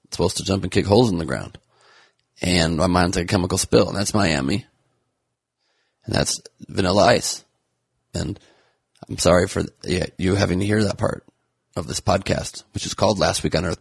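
A man's voice: low voice, vocal fry, husky, no echo, clean studio sound. A man who is a comedian hosting a podcast, delivering a sarcastic, rambling news monologue full of jokey wordplay.

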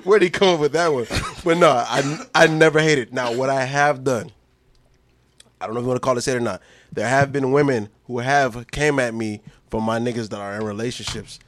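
A man's voice: mid-range voice, a little fast, fairly bright tone. A man co-hosting a podcast, telling stories in casual chat, boastful and laughing, swearing freely. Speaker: podcast co-host.

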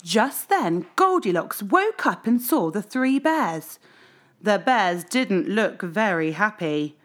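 A woman reading a children's story aloud as storyteller, with an expressive, sing-song delivery. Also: mid-range voice, slow.

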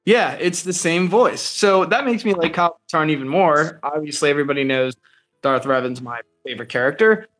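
Young male podcast co-host, higher voice, eager and rambling. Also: fairly quick, fairly bright tone, faint music behind, rough recording. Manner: enthusiastic, rambling with fillers. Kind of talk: casual chat.

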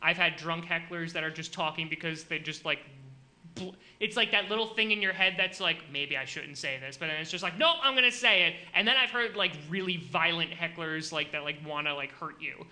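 A man hosting a comedy podcast, telling animated stories in casual chat with many filler likes. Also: on the high side, a little fast. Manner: animated storytelling, frequent likes.

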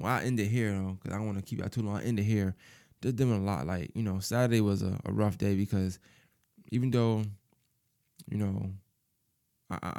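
A man in his thirties with a fairly low voice thinks out loud about his life in a personal monologue. He speaks softly and haltingly, restarting phrases and leaning on "you know" and "man". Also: creaky. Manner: halting, repeats words, fills with "you know"; soft-spoken and subdued.

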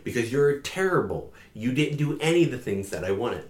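A man voicing a stern king who scolds his servants in a measured way, recorded in an echoey room. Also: mid-range voice, big pitch swings, natural voice. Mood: scolding. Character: wealthy king, stern when crossed.

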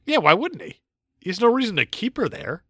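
A man co-hosting a casual movie-review podcast, quick-witted and teasing, arguing his points with jokes. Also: high-pitched, sing-song, a bit bright, husky, dry recording, clean studio sound. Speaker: podcast co-host.

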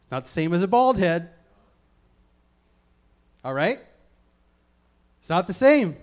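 A man's voice: sits high, very animated, takes it slowly. A middle-aged man preaching a Bible-teaching sermon in a conversational way, with joking asides and key phrases repeated for emphasis.

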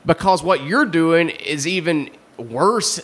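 A man co-hosting a casual podcast, talking loosely and swearing often. His pitch swings widely as he heats up over a topic. He tends to ramble into rants. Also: takes it slowly. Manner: animated, swearing, ranting on tangents. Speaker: podcast co-host. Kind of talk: casual profane chat.

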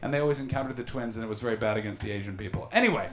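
A man's voice: mid-range voice, very fast. Brash stand-up comic man in an echoey room. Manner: animated storytelling, mocking crowd work with put-on voices. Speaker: stand-up comedian. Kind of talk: stand-up comedy set. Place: comedy venue with live audience. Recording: roomy live venue echo.

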